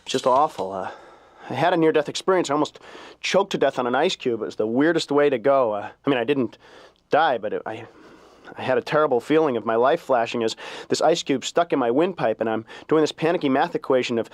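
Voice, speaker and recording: Animated, sarcastic stand-up man. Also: mid-range voice, brisk, dry recording. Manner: animated, sarcastic, acts out quoted voices. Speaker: comedian as patient. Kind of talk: stand-up routine.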